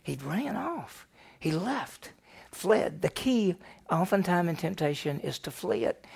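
Pastor, man, middle-aged, gravelly and a touch high, animated Bible-class teacher who quizzes his listeners. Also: slow. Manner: animated, fires questions at the class and answers them. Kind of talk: Bible study lesson.

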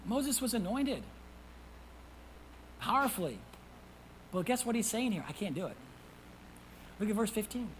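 A man preaching a sermon as pastor. He reads scripture aloud, calls out to the congregation for responses, and swings from hushed whispers to loud emphasis. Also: sits high, very animated, a little slow, long pauses, slight background noise, low-quality recording. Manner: reads scripture in old-fashioned wording.

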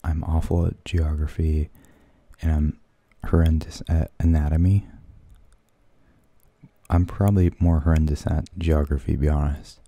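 A man rambling in soft-spoken ASMR, half-whispering and hesitating as he searches for words. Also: a bass voice, level tone, normal speed, no echo. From United States. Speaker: ASMR channel host.

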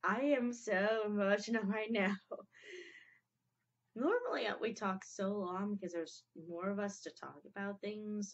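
A young woman gives casual reaction commentary, her speech halting and emotional and full of false starts. She talks at an unhurried, slow pace over a dull, lo-fi recording. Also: mid-range voice. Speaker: reaction video host.

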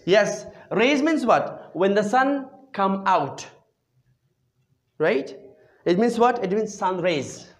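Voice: mid-range voice, lively intonation, slow pace. An English teacher running a classroom drill, asking questions and answering them, repeating simple phrases, and praising often with "very good" and "excellent.". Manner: patient call-and-response questioning with frequent praise.

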